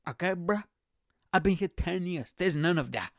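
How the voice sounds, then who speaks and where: A man's voice: high voice, animated, moderate pace, dry recording, clean studio sound. A man from Bulgaria hosting a podcast, delivering a rambling, profane comedic monologue with lots of energy. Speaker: podcast host.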